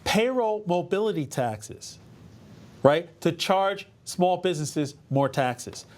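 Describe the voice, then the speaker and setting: A woman's voice: on the low side, lively intonation, slow, darkish tone, a little hiss or hum. A woman anchoring a cable news show, sardonic and playful as she rattles through a list.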